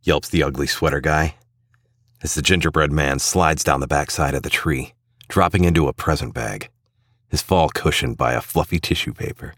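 A man narrates a storybook tale in an extremely deep voice. He reads in a steady, even manner, close and dry with no room sound. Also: normal speed, dry recording.

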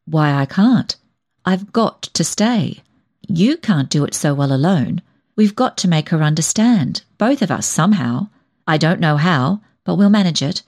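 A kind, steady young man from a storybook, speaking in a low, soothing voice, read by a woman. He sounds tender and reassuring, calm even when he is troubled. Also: unhurried, heavily acted. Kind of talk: audiobook dialogue.

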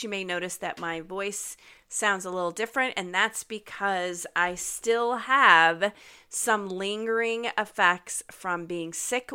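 A woman's voice: medium pitch, bright, forceful tone, clean tone. A woman hosting her podcast in a chatty, upbeat way, with a slightly nasal voice and a lingering cough from a recent illness. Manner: chatty and upbeat, frequent ums. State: recovering from illness, occasional cough. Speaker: podcast host. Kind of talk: casual podcast monologue.

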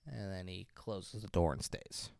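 A man's voice: low voice, a little slow, creaky, a little mellow, no echo, clean studio sound. A man co-hosting a podcast, casually retelling a movie plot and acting out the characters' lines. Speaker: podcast co-host. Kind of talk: casual movie recap chat.

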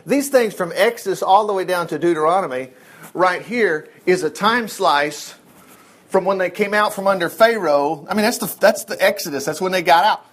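A man giving a casual Bible study, folksy and digressive, who slips into little acted asides. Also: high-pitched.

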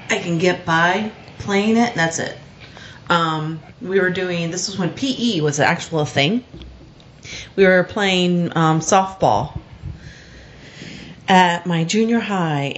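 A woman's voice: fairly low pitch, slight background noise. A woman co-hosting a podcast, telling a story in frank casual chat with fillers and swearing. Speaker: podcast co-host. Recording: dull lo-fi recording.

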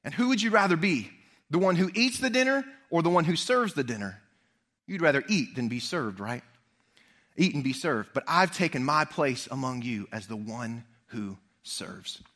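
High, bright-voiced male preacher. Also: normal speed. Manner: animated storyteller, speaks straight to the congregation. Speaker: pastor. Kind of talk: sermon.

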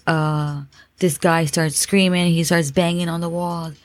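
A woman's voice: on the low side, steady tone, a little slow, no echo. A woman host telling a dramatic personal story, repeating phrases and using many fillers. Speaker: podcast host.

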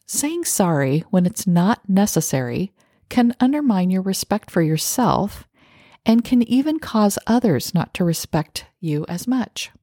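A middle-aged woman on her solo podcast speaks at medium pitch, sing-song, unhurried and mellow, with clean studio sound and no room sound. She's earnest and self-reflective about her own habits, acting out little example phrases.

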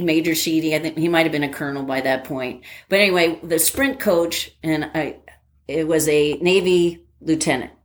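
An older woman recalls events in a relaxed interview, her voice sitting a little low for a woman. She tells it with animation, stops and starts with plenty of fillers, and laughs at her own story. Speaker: interviewee, former academy track athlete.

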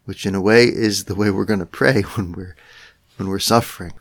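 A man's voice: sits low, steady tone, moderate pace, fairly bright tone. A man preaching a sermon in an earnest way, often repeating phrases and turning to address the Lord directly. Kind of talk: spoken sermon.

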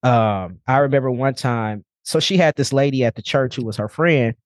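A man's voice: mid-range voice, normal speed, no echo, studio quality. A young man speaking as a podcast guest, telling a personal story bluntly and casually, with frequent swearing.

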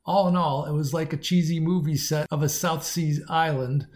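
Fairly high-voiced male story narrator. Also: fairly even intonation, normal speed. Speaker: audiobook narrator. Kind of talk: scripted narration.

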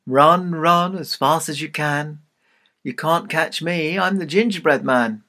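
A cheeky little gingerbread man on the run, taunting in a sing-song chant, as a man puts him on. The voice is gravelly and a little husky, set slightly high. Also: slow pace, sharp tone, exaggerated voice.

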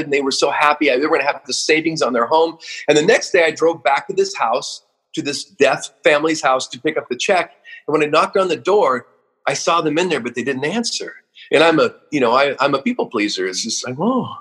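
A husky man in his fifties from Oregon recounts his working life as an interview guest. His delivery is earnest and emotional, full of small restarts and repeated words. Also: on the high side, a bit bright. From Oregon, USA. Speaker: guest, company founder. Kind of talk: storytelling interview.

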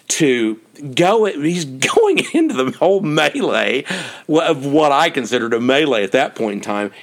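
An American man telling a personal story for his podcast, animated and laughing often as he repeats himself. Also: on the high side.

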